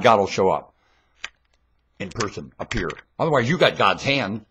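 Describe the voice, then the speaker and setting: A man giving a rambling, scornful religious monologue into a webcam at home, dropping to low mutters and then bursting into shouts. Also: big pitch swings, moderate pace, breathy edge. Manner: preachy, scornful, lectures the listener.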